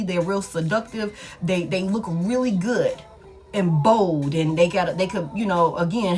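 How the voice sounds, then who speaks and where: A woman giving a casual tarot reading, speaking in a slangy, emphatic and repetitive way, with frequent swearing. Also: mid-range voice. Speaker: tarot reader.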